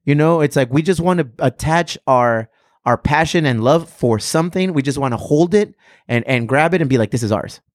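A man in his thirties from Southern California, telling stories in a casual podcast chat with lots of swearing and animated energy. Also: a little high, moderate pace, no echo, clean studio sound. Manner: animated, profane storytelling.

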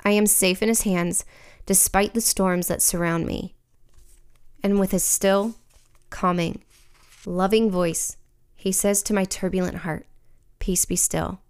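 A woman's voice: medium pitch, fairly even intonation, unhurried, pauses often, a little mellow, clean tone. A woman giving an earnest, reflective scripted devotional reading. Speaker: devotional speaker.

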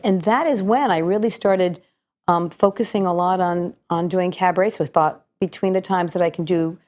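A middle-aged woman who works as a stage actress and cabaret singer, a guest on a radio show. Her fairly low voice carries a slight gravel today, and she talks in a chatty, reflective way, often starting sentences over. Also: darkish tone. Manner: chatty, reflective storytelling with frequent restarts. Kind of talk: radio interview.

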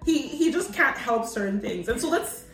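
A woman's voice: high-pitched, moderate pace. Woman cohost chatting and laughing, roomy echo, faint music behind. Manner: animated, laughs often, acts out quotes. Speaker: podcast co-host. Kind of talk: casual chat. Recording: echoey room, a bit far from mic, faint music.

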